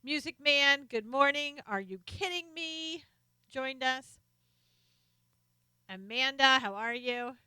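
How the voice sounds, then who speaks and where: Bright, chatty woman hosting a live stream. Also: high-pitched, slow pace, long pauses, clean tone, no room sound. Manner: chatty, reads out viewer names and comments. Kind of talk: casual live stream chat greeting viewers. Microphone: desk microphone, sometimes off-axis.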